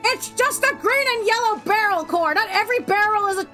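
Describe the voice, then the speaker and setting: A woman's voice: very high-pitched, animated, fairly quick, bright, forceful tone. A woman livestreaming a video game, joking around with friends in a playful, exclamatory way. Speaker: streamer. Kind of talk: casual gameplay livestream chat. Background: game music.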